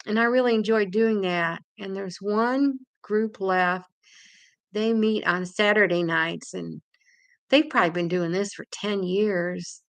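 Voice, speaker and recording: Here is a retired woman with a Hoosier accent, talking on a home live stream in a relaxed, rambling way. Her voice has a gravelly edge, and she laughs often as she chats. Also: mid-range voice, a little slow. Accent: Indiana. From England. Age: older. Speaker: livestream host. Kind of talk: casual live-stream chat.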